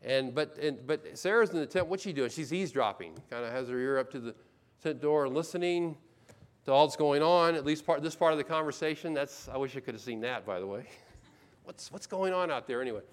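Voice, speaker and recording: A man's voice: a little high, brisk. A male pastor preaching a sermon in a church, conversational and full of questions, often restarting sentences.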